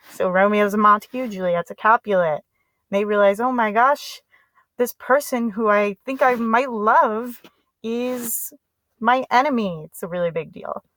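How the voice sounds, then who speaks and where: A woman's voice: medium pitch, a bit bright, no echo, low-quality recording. A woman teacher giving a casual, chatty lesson summary in slangy everyday speech.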